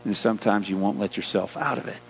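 A man's voice: on the low side, fairly even intonation, fast talker, creaky. A male pastor delivering a sermon, rising in emphasis as he reads scripture. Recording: dull hum-laden audio with long hall reverb.

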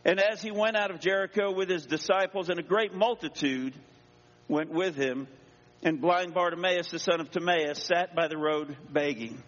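The preacher, a man whose voice runs high and a bit bright, keeps a moderate pace as he reads scripture in church. He dramatizes the voices in the passages, and the sound is dull and echoey.

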